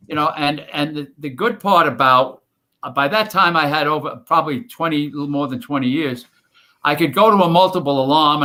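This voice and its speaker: A man's voice: a little high, sharp tone. Older New man telling stories. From New York. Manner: rambling, folksy, many fillers and restarts. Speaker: guest, retired firefighter. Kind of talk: casual storytelling interview.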